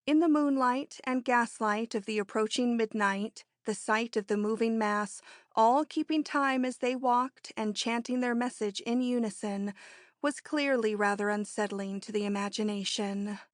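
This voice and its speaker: A woman narrating an audiobook in a measured, even storytelling manner. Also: a little high, dry recording, clean studio sound. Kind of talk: scripted narration.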